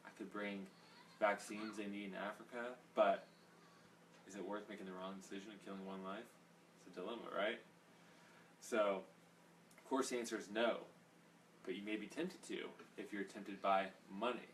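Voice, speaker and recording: A man's voice: on the low side, steady tone, normal speed, pauses often, fairly bright tone. Rambling, conversational Bible study teacher, a man. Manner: rambling, conversational, many fillers. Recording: distant mic, faint background noise.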